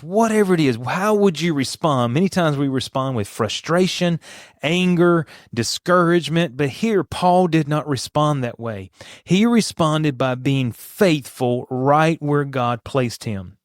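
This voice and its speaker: A man's voice: on the high side, dry recording, clean studio sound. A man hosting a devotional podcast, teaching in an earnest, emphatic way and putting rhetorical questions to his listeners. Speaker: podcast host and Bible teacher.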